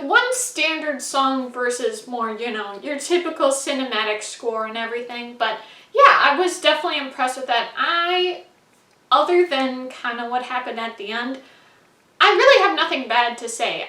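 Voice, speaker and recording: A high, bright-voiced woman talks through a film she just saw in a loose, chatty way, leaning on "like" and "you know". She sounds a little away from the mic in an echoey room. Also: distant mic. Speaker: movie reviewer. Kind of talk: casual spoken movie review.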